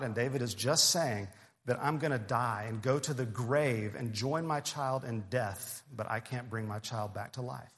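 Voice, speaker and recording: Preacher with a long hall echo. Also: male voice, medium pitch. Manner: earnest, measured reading of scripture. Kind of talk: sermon.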